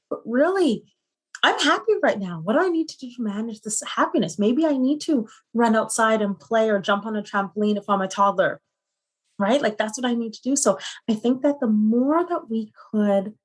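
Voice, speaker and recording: A middle-aged woman speaking as a psychotherapist guest in a conversational interview, earnest and often ending points with rhetorical questions. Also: mid-range voice.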